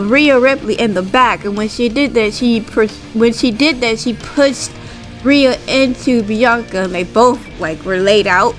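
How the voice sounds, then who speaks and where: A woman's voice: on the high side, poor audio. A woman casually recapping a wrestling show, rambling and tagging her sentences with "like" and "right?". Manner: rambling, full of "like" and "right?" tags.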